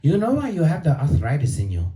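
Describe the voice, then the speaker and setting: A man's voice: a little high, wildly swooping pitch, fairly quick, mellow, reverberant. A man playing a blunt female store clerk who lectures plainly, in close to his own voice. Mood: lecturing.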